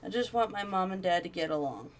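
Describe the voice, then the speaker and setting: A woman's voice: lowish voice, lively intonation, fast talker, slight background noise. A woman streaming a horror game live, chatting and cooing affectionately to her cat between reading passages.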